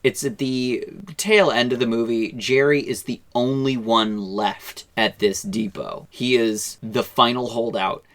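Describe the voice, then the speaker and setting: A man's voice: medium pitch, steady tone, unhurried, few pauses, fairly bright tone. A man co-hosting a casual podcast, retelling movie scenes with laughter. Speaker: podcast co-host. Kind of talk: casual chat, film review.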